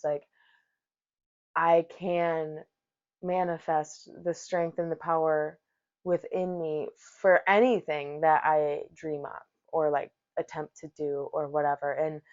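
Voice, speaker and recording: A woman's voice: fairly low pitch, a little mellow. A woman hosting a podcast, telling a rambling, profane story in casual talk. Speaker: podcast host, yoga teacher. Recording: dull lo-fi recording.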